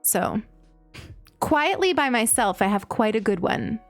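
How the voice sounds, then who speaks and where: A woman's voice: fairly high pitch, a little slow, soft background music. A young American woman streaming a game, chatting casually with her chat and telling stories with lots of laughter. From United States. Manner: chatty, giggly, animated storytelling. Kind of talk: casual chat while gaming, reading chat.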